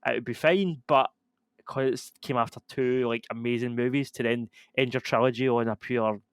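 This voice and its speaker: A man's voice: mid-range voice, fairly even intonation, moderate pace, clear, resonant tone, no room sound. A young man, co-hosting a podcast in casual, opinionated chat full of "like" fillers. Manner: opinionated, rambling with frequent "like" fillers. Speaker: podcast co-host.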